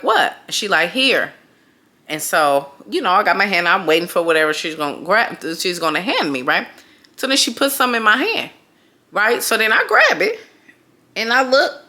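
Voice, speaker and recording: Lively profane woman storyteller, bright voice. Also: mid-range voice. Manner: animated, profane, laughing through the story. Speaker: storytime vlogger. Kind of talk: casual storytelling.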